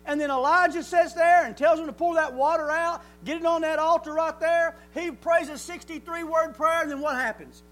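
A man preaching a sermon, telling the story in a folksy, animated way that builds to near shouting. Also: very high voice, normal speed, hardly any pauses, rough recording.

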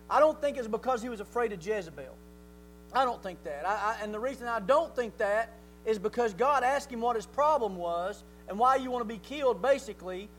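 High-voiced preacher, folksy. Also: male voice, a little hiss or hum, low-quality recording. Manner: folksy, animated storytelling, rises to near shouting. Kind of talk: sermon.

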